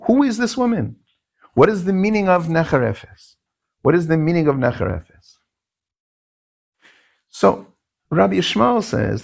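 A man teaching Talmud in a lively, rising-and-falling voice. He speaks with a gravelly rasp. He keeps putting questions to his listeners and answering them in a sing-song rhythm. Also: on the high side. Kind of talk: Talmudic lecture.

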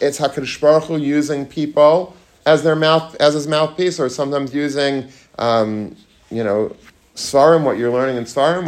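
A mid-range male voice belongs to a rabbi talking to students in an informal Torah lecture before a live audience. He chats casually, keeps asking the room questions, and weaves in Hebrew and Yiddish words.

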